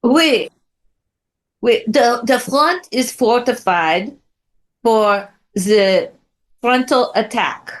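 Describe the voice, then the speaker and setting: A woman's voice: mid-range voice, lightly acted. A woman improvising as a sly, confident architect with a put-on French accent.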